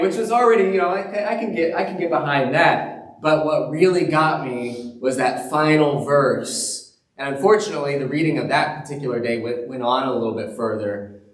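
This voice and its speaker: A male pastor preaching to his congregation in an easy, storytelling manner. His voice sits a little high for a man and carries around a roomy church sanctuary, caught from some distance away from the mic. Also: a little hiss or hum. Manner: conversational storytelling with chuckles. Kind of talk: sermon.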